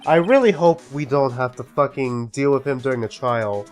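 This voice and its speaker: A man's voice: medium pitch, moderate pace, few pauses, soft background music. A man streaming a game, commenting casually with lots of swearing and exasperation. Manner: profane, exasperated, animated. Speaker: let's-play streamer.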